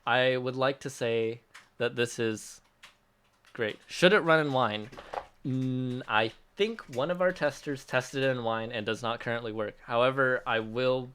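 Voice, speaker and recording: A man's voice: mid-range voice, fairly bright tone, smooth. A man hosting a casual livestream Q&A, reading out chat questions and answering them in an upbeat, chatty way with frequent laughs and restarts. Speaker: app developer hosting a release livestream.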